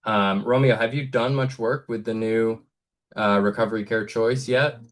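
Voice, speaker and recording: American male host, deep-voiced, easygoing, thinks aloud on a group call. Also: normal speed. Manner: relaxed, thinking aloud with fillers. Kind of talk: casual webinar discussion.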